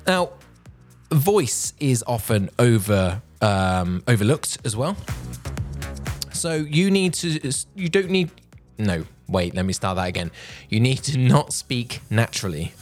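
A man's voice: measured pace, soft background music. Emphatic man giving speaking advice. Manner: expressive, emphatic, varies pitch and pace. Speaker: podcast host. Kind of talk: public speaking advice podcast.

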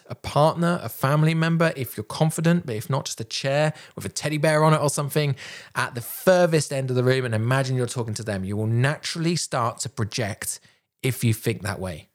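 A man coaching public speaking, talking in a projected, deliberate way with pauses, recorded on a microphone while wearing headphones. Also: medium pitch. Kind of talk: instructional talk to camera. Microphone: headphones and a normal microphone.

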